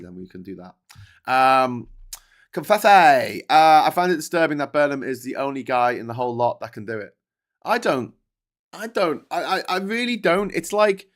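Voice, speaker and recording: A man with a posh Scouse accent hosts a casual political live stream. His voice sits at an ordinary middle pitch. He rambles and swears freely, keeps restarting his sentences, and breaks off to read and answer messages from his chat. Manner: rambling, sweary, stop-start with many restarts. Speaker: political livestream host.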